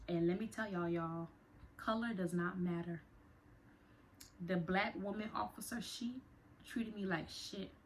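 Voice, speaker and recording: A woman's voice: mid-range voice, a little hiss or hum. A young woman telling a personal story to her viewers, emotional and conversational. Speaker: vlogger. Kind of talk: storytime vlog.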